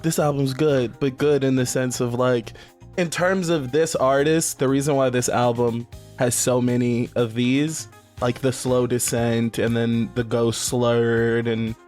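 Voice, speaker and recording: Profane, laughing man in podcast banter. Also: mid-range voice. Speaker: podcast co-host reviewing an album. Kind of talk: casual chat.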